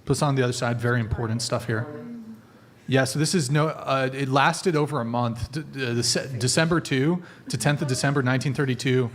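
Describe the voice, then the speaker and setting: A man's voice: mid-range voice, fairly quick. A man hosting a live podcast, chatting casually and swearing freely while giving orders to his crew. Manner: loose, profane, directs the crew. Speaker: podcast host. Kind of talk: casual live-stream banter.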